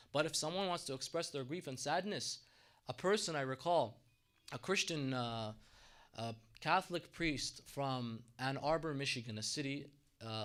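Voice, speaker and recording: A man giving an impassioned religious lecture in a mosque, swinging between soft reflective passages and loud bursts. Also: on the high side. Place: mosque hall.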